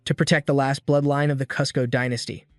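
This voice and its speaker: Cold, calm young swordsman, read by a man. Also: mid-range voice, brisk, dry recording, studio quality, faint music behind, close to an everyday voice. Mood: grim. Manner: firm, grim delivery.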